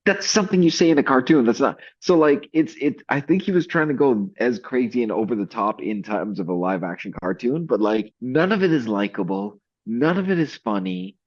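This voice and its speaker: Animated man on a dull lo-fi mic. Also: medium pitch, brisk, hardly any pauses. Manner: animated, laughing, acts out scenes with quoted voices. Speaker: co-host of a movie review show. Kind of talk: casual movie review chat.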